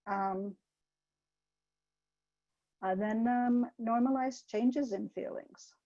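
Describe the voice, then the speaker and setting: Mellow-voiced older woman giving a talk. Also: fairly high pitch, no room sound, dull audio. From Canada. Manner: gentle, anecdotal, with pauses and fillers. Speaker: presenter. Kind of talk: webinar presentation.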